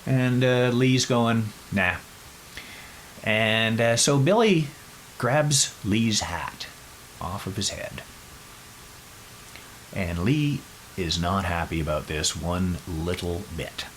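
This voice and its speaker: A man hosting a podcast, telling a story in a casual, animated way with wry asides. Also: on the low side, slow pace, slight background noise, poor audio. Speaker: podcast host.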